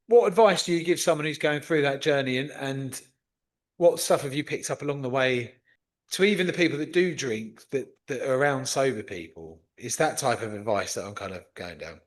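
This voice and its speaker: A man's voice: medium pitch, fairly quick. A man hosting a podcast, chatting casually and telling anecdotes in which he acts out other people's lines. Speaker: podcast host.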